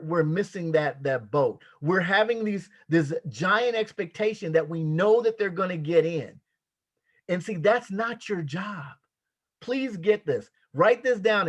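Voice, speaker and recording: A man giving a motivational sales training talk, emphatic and repetitive, with a preacher-like cadence. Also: high voice. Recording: dull lo-fi sound.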